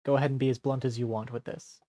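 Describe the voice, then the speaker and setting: A man streaming a role-play, talking in a dry, teasing, deadpan way. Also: medium pitch, fast, no room sound.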